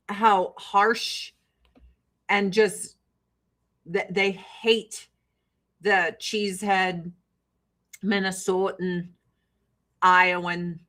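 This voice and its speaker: Answering questions from her viewers' chat, a woman from Joliet, Illinois talks casually in a Chicago-area Midwestern accent, blunt, swearing freely and laughing a lot. Her voice is mid-range with a fairly bright tone.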